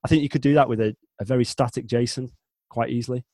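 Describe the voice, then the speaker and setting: Here a fast-talking chatbot developer from northern England, in his forties with a Northern English accent, chats as an interview guest, rambling with many restarts and self-corrections. The voice is mid-range and a little mellow with a steady tone, and the recording is dry.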